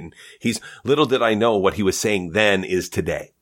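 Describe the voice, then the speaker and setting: A man's voice: fairly low pitch, normal speed, few pauses. A male comedian from Canada chatting casually, telling stories and acting out quotes. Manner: animated storyteller, acts out quotes. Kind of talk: casual chat.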